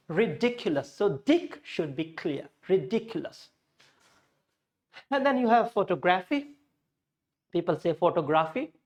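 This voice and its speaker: A man with an Indian English accent teaching English pronunciation, stressing and repeating words slowly to drill the sound. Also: high-pitched. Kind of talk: spoken English lesson.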